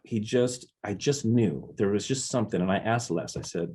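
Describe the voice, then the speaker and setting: A man's voice: lowish voice, normal speed, warm tone, slightly rough. A man, a drummer being interviewed, earnestly telling reflective stories about his music career. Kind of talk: casual interview storytelling.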